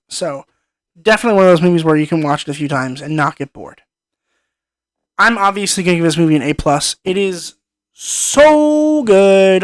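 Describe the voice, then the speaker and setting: A man's voice: a little high, a bit bright, no echo. A young man giving an enthusiastic, rambling film review, often repeating his words. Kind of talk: casual film review monologue.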